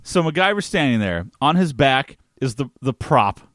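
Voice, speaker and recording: A man co-hosting a podcast, casually retelling an episode scene by scene in a wry, deadpan way. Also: medium pitch, normal speed, no room sound. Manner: wry, play-by-play storyteller. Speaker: podcast co-host. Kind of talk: casual recap chat.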